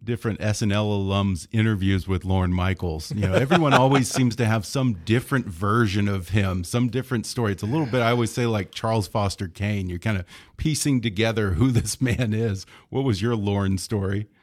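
A man's voice: lowish voice, fairly quick, a little mellow. A man hosting a casual interview, asking questions, laughing often and giving short replies.

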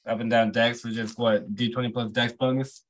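A man's voice: mid-range voice, level tone, moderate pace. A laid-back man playing a tabletop game. He jokes casually with the table. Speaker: player.

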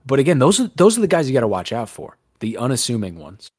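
A man's voice: mid-range voice, very animated, quick pace, a little mellow, husky, dry recording, clean studio sound. A man hosting a podcast in casual chat, rambling and sarcastic, swearing casually. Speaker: podcast host.

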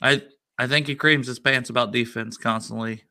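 A man's voice: mid-range voice, fairly even intonation, normal speed, bright, forceful tone. A man hosting a casual sports podcast, chatty and wry.

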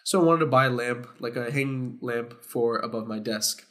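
A young man telling a story to friends on a casual podcast. He talks loosely and gets animated, loud and laughing as the story heats up. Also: mid-range voice, normal speed. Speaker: podcast co-host.

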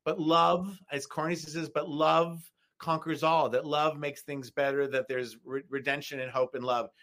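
A man's voice: fairly high pitch, level tone, normal speed, a bit bright. A man in casual chat, talking sincerely and heartfelt.

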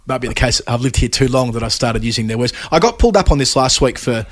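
A man's voice: medium pitch, animated, fast. An Australian man with a Melbourne accent co-hosting a podcast in casual, rambling chat. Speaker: podcast co-host.

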